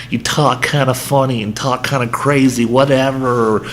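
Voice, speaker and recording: A man's voice: mid-range voice, fairly even intonation, normal speed, few pauses, a little hiss or hum. A man hosting a sports talk show, ranting heatedly with a self-aware, joking edge. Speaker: podcast host. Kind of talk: sports rant.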